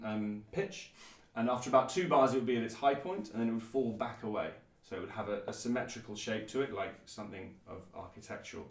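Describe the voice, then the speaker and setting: A man presenting and explaining a piece of classical music in a thoughtful, measured way, with frequent ums. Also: medium pitch. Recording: roomy echo, mic at a distance.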